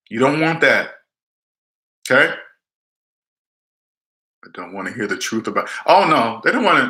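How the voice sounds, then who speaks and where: A man's voice: a little high, bright, forceful tone. Blunt, emphatic man in an echoey room. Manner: emphatic, blunt, repeats himself, acts out quoted people. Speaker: debt advice vlogger. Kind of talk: casual live-stream advice talk.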